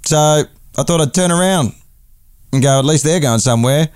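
A man's voice: a little high, moderate pace, darkish tone, clean tone, no echo, clean studio sound. A man hosting a podcast, telling a rambling, profane comic story and correcting himself as he goes. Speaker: podcast host.

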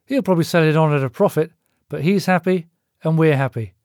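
A man's voice: on the high side, a little fast, a little mellow, no room sound, studio quality, close to an everyday voice. A man voicing a worried butcher. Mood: cheerful. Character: worried middle-aged male butcher.

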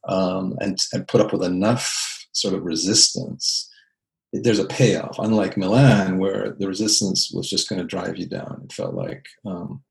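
A man from Canada with a deep, heavily gravelly voice recalls his path as an architect in an interview. He speaks thoughtfully, circling back with fillers and restarts as he gathers his thoughts. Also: steady tone, unhurried, rough recording. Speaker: architect and designer. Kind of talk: reflective interview storytelling.

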